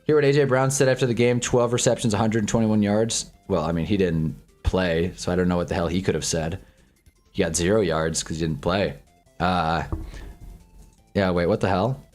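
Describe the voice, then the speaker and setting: A young man streaming live, chatting casually with viewers and swearing often as he swings between loud rants and low grumbling. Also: steady tone, moderate pace, soft background music. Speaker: sports streamer. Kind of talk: casual livestream chat reading fan comments.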